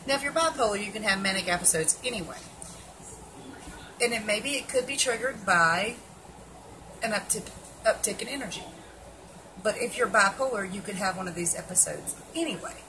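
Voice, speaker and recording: A woman's voice: medium pitch, lively intonation, normal speed, pauses often, noisy background. A woman giving casual, blunt and sarcastic commentary on an article, swearing freely as she reacts. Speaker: keto vlogger.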